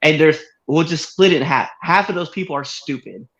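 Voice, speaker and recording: A man co-hosting a podcast, telling a story in casual chat with frequent laughter and excited jumps in voice. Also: brisk, poor audio. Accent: Massachusetts. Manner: animated storyteller, laughs often, swings high when excited. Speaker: podcast co-host.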